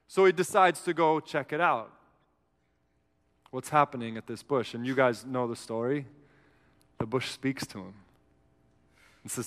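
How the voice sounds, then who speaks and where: Earnest preacher in a reverberant hall. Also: male voice, mid-range voice, measured pace, long pauses. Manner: earnest, animated storytelling, acts out a whiny Moses. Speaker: pastor. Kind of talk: sermon.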